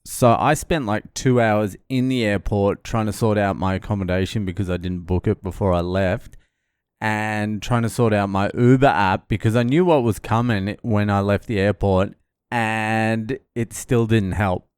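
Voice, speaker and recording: A man's voice: on the low side, normal speed, clear, resonant tone, dry recording. A middle-aged man swearing freely as he recounts a stressful arrival in a casual travel vlog. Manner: swearing, animated storytelling. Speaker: vlogger.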